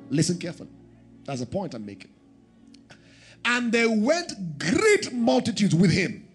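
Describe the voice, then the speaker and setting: A man preaching a sermon, swinging between loud emphatic bursts and a hushed tone as he leads prayer. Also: fairly high pitch, sing-song, moderate pace, husky, soft background music.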